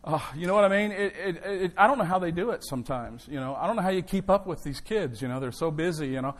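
A man's voice: sits high, lively intonation, quick pace. A male pastor delivering an emphatic sermon in a church, with call and response to the congregation.

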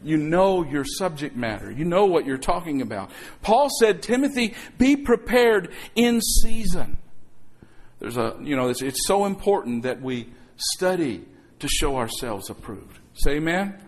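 A man's voice: a little high, sing-song, moderate pace. Preaching man, calling for amens. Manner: calls for amens, acts out quotes. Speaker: pastor. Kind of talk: sermon. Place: church sanctuary.

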